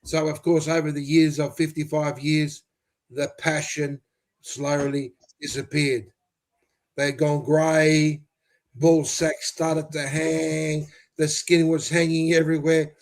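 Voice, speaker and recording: A man co-hosts a football podcast and tells a crude joke. His voice sits a little high for a man. He tells it cheerfully, eager to entertain. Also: level tone, slow pace. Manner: storytelling, cheerful. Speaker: podcast co-host. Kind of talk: joke telling.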